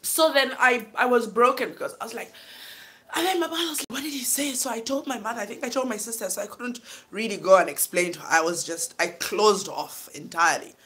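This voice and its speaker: A woman tells her own life story, open and deeply emotional. She talks in loose spoken sentences and keeps checking in with the listener. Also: lively intonation, brisk, fairly bright tone. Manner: emotional, keeps saying "you know what I'm saying". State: tearful at times. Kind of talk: personal storytelling.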